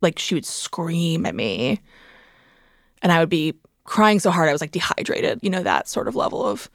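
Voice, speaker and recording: A woman's voice: sits low, big pitch swings, moderate pace, gravelly, dry recording, clean studio sound. A woman in her thirties, a memoir author, telling a personal story candidly and casually, with lots of "like" fillers. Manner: casual, heavy use of "like" fillers.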